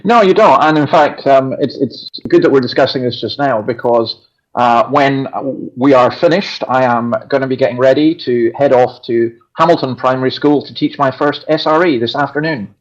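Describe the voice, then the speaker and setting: A man's voice: medium pitch, normal speed. A man with a Scottish accent, a pastor talking earnestly and emphatically in a conversational religious discussion, often restarting his sentences. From Scotland. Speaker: pastor and show regular. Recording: dull lo-fi sound.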